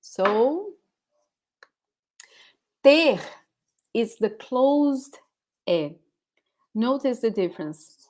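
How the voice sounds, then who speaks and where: A woman's voice: on the high side, animated, very slow, long pauses, a little mellow. A woman with a Brazilian accent, a Portuguese speaker, teaching a live online pronunciation lesson, repeating words patiently for her students. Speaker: language teacher.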